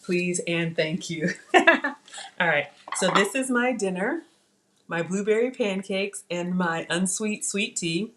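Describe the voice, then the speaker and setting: A woman chatting to viewers in a live cooking demonstration, excitable and talking straight to them. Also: on the low side, measured pace. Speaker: cooking vlogger. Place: home kitchen.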